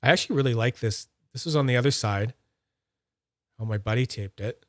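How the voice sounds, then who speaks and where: Man, casual livestream demo, explains every step, mid-pitched voice, dry close sound. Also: a little fast, no echo. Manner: chatty, explains each step aloud. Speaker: fidget toy streamer. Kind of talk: casual live demo talking to chat.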